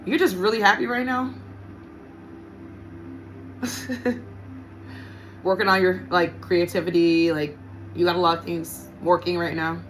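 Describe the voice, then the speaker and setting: A woman's voice: on the low side, fairly even intonation, a little fast, faint music behind. A woman giving a casual tarot reading to her viewers, blunt and profane, often repeating her points for emphasis. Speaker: tarot reader.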